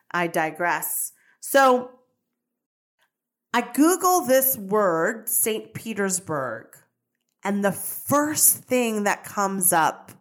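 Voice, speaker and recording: Chatty woman telling a personal story. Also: medium pitch. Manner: chatty, animated, digressive. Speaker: podcast host.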